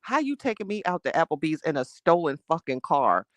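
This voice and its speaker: A woman's voice: low-pitched, fairly quick, dry recording. A young woman, livestreaming and telling a dating story to her chat in a casual, laughing way. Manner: animated, laughing, reads chat names aloud. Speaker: livestream host.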